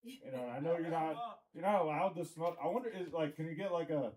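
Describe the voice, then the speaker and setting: A man's voice: on the high side, fairly quick, a little mellow, poor audio. A man from Tennessee doing a rambling stand-up comedy set in a comedy club, with crowd work and lots of fillers.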